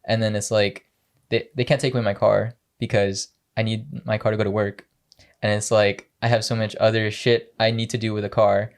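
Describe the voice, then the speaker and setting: Low-voiced young man rambling a story. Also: level tone, moderate pace. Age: young adult. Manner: rambling, heavy on fillers and quoted dialogue. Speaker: podcast co-host. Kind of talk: casual storytelling chat.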